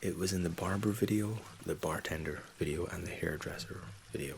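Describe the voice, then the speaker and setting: A very low, gravelly man in his thirties, from England and raised in Scotland, answering viewer questions in soft-spoken ASMR. He keeps his voice hushed and easygoing, often sliding into whispers, close to a condenser mic at home. His voice has a heavy, creaky fry. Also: brisk, a little hiss or hum. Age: 30s. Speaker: ASMR channel host. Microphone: USB condenser mic.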